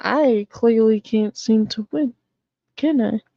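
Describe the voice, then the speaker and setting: Slow-talking blunt woman streamer. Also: fairly high pitch, gravelly, no room sound, dull audio. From Boston area. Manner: blunt, swears freely. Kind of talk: casual live-stream chat.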